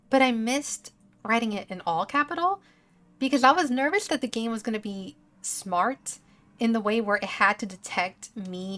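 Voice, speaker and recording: Bright-voiced woman streamer, giggly. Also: a little high. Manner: rambling, giggly, talks to viewers. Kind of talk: gameplay commentary.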